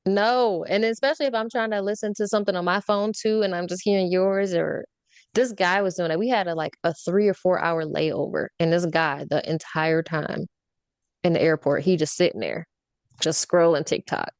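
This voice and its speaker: A woman's voice: on the low side, normal speed, clear, resonant tone, dry recording. A woman hosting a podcast, chatting casually and ranting with frequent laughter. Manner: animated ranting, laughs often. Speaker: podcast host.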